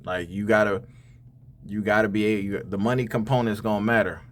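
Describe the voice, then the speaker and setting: A man's voice: on the low side, steady tone, a little fast, a little hiss or hum. A man hosting a reaction channel, talking straight to other men about dating and money in a casual, preachy way, often repeating words. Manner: preachy, addresses "fellas" directly, repeats words. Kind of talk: casual commentary on clips.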